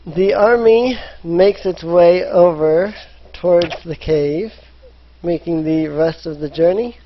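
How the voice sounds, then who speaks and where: A man narrating a tabletop role-playing game as dungeon master, in an unhurried storytelling manner. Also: a little high, slight background noise. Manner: unhurried storytelling, voicing characters in quotes. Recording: dull lo-fi voice chat.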